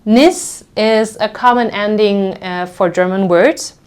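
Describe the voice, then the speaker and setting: Woman language teacher, patient and clear, mid-pitched, demonstrates sounds slowly, checks in often. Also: a little mellow. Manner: patient, explains slowly with frequent "okay?" checks; demonstrates sounds by stretching them out. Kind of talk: pronunciation lesson.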